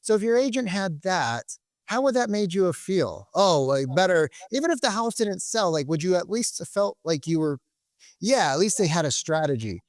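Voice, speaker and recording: Man hosting a podcast, rambling, swears casually, somewhat high voice, dry sound. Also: very animated, moderate pace, no echo. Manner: rambling, many restarts and filler words, swears casually. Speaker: podcast host.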